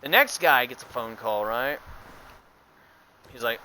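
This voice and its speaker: While streaming a game, a young man rambles through a long story, swearing often, laughing, and using lots of fillers. His medium-pitched voice swings widely in pitch and sounds bright and forceful, at normal speed with frequent pauses. There's a little hiss or hum in the recording.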